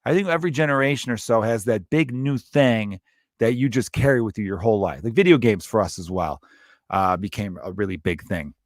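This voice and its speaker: A man's voice: fairly low pitch, fairly quick, no echo, studio quality. A young man hosting a solo podcast, talking in a rambling, profane and jokey way. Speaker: podcast host. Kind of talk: casual solo podcast talk.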